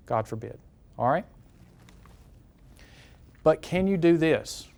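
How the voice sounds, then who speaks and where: A man's voice: mid-range voice, unhurried, long pauses, darkish tone, smooth. A man with a Southern US accent, a campus police safety trainer speaking directly and conversationally to a classroom at a live seminar, repeating key points and asking the audience questions. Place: classroom lecture room.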